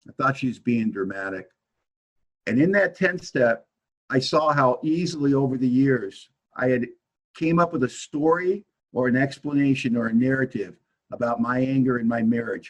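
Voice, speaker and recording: A man speaking at a recovery meeting, telling his story with animated storytelling and acting out both sides of an argument. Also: medium pitch, low-quality recording. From Washington state, US.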